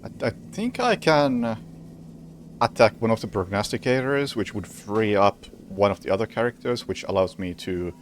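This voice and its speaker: A man's voice: on the low side, expressive, moderate pace. A man streaming a stealth game, chatting casually and thinking aloud about his moves. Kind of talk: casual gameplay commentary.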